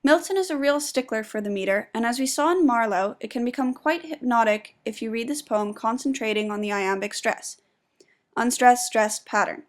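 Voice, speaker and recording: Measured, explanatory young woman reading an essay. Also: fairly high pitch. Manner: measured and explanatory, stressing syllables when demonstrating meter. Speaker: student presenting a poetry analysis. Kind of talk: read-aloud spoken essay.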